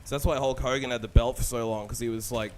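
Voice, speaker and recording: A man's voice: mid-range voice, steady tone, quick pace, a little hiss or hum. A man with an Australian accent touched by American vowels, chatting casually and rambling between tangents while he plays and streams a game, swearing freely. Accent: Australian with a slight American tint. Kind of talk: casual chat while gaming.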